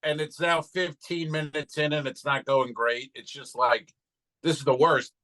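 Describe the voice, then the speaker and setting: Male comedian co-host, bright, forward tone, casual and profane. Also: fairly high pitch, level tone, normal speed, poor audio. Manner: loose, swears freely, retells gigs. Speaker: stand-up comedian and podcast co-host. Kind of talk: casual chat.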